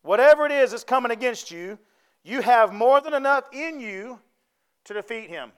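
A man's voice: extremely high pitch, animated, moderate pace, clear, resonant tone. A man preaching a sermon, folksy and conversational, often asking the congregation to answer back.

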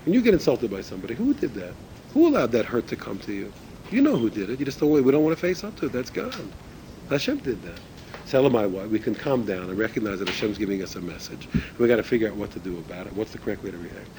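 A man's voice: lowish voice, sing-song, quick pace, dark tone, slight background noise, rough recording. Man teaching with rhetorical questions. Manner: conversational, rhetorical questions, frequent restarts. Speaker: Torah teacher. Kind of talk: religious ethics class.

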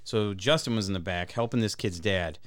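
A man's voice: lowish voice, brisk. A man co-hosting a podcast, telling a crude story in casual chat, rambling and swearing and often breaking into laughter. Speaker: podcast co-host.

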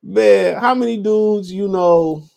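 A man's voice: sits high, takes it slowly, creaky, darkish tone. A man hosting a casual solo podcast, talking in a slangy, profane, rambling way and reading out listener comments. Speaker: podcast host.

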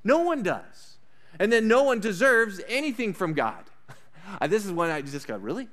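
High-voiced man preaching a sermon. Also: big pitch swings, a bit bright. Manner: emphatic preaching, rises and falls in pitch and volume, slows on key points. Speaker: pastor.

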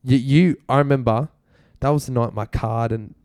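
A man's voice: medium pitch, moderate pace, dry recording, studio quality. Australian man telling a laughing story. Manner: laughing, animated retelling with acted quotes. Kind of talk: casual storytelling chat.

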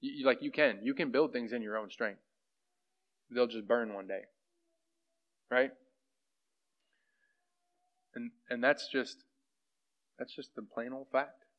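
A man's voice: mid-range voice, takes it slowly, long pauses. A man teaching a church group in a casual, conversational way, often checking in with "right?". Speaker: pastor leading a group teaching. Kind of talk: informal sermon and discussion. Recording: dull lo-fi sound.

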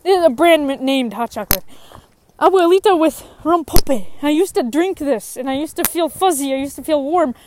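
Young woman, high voice, candid personal testimony that turns heated when she is frustrated. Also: expressive, normal speed, darkish tone, a little hiss or hum. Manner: emotional and frank, voice rising when frustrated. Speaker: person in recovery sharing her story.

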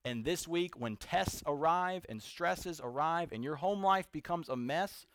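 A man preaching a sermon to a seated congregation, earnest, building to emphatic peaks and then dropping soft. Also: on the high side, lively intonation, measured pace, clean tone, no room sound, studio quality. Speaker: pastor.

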